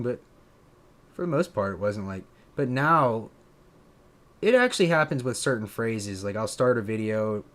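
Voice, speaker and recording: A man from Pennsylvania with a drawn-out, slightly southern accent, musing in a casual live-stream chat, full of fillers and restarts. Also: medium pitch. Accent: Pennsylvania, with a drawn-out southern drawl. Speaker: streamer and content creator.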